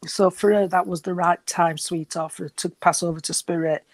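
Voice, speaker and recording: A man giving a reading at a service, gentle and reassuring, and short of breath. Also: high voice, steady tone, normal speed, dry recording. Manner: gentle, reassuring, calls people sweetheart. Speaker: spiritualist medium.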